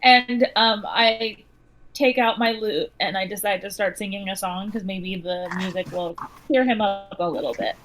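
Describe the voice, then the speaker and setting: A woman playing a tabletop game, speaking hesitantly and softly. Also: mid-range voice, normal speed, low-quality recording. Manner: hesitant, soft-spoken. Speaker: player.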